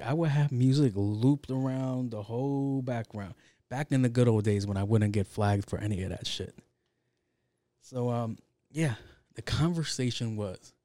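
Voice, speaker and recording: A man's voice: medium pitch, mellow, no echo. A man hosting a podcast alone, talking casually in a rambling way with lots of fillers and swearing. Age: adult with kids. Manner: rambling, profane, heavy with fillers. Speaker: podcast host. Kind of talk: casual solo podcast chat.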